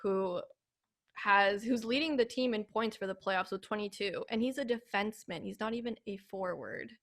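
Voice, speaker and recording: A young woman co-hosting a casual hockey talk show, animated and hedging as she talks. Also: mid-range voice, moderate pace. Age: young adult. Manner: animated, hedging with "like" and "I don't know". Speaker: co-host.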